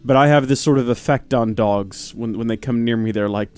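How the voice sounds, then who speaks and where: A man's voice: medium pitch, a little fast, darkish tone, clean tone. A man hosting a let's play, talking casually over the game with rambling, self-deprecating commentary.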